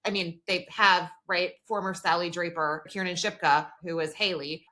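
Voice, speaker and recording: Bright lady podcaster retelling a show scene by scene, lots of "like". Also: lowish voice, steady tone, normal speed. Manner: retells scenes and reads out dialogue lines; frequent "like" fillers. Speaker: podcast co-host. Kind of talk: casual recap chat.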